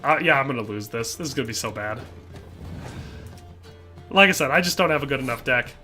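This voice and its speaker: A middle-aged Midwestern man with a Midwestern accent streams a game live, chatting casually, reading the chat out loud, and using frequent fillers. His medium-pitched voice is animated and sharp, moving fairly quickly. Soft music runs in the background.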